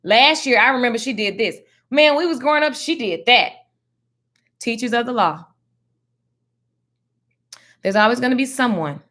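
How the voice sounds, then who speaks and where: A woman giving casual Bible teaching in a slangy, animated, preachy way. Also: on the high side, normal speed, long pauses. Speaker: faith teacher.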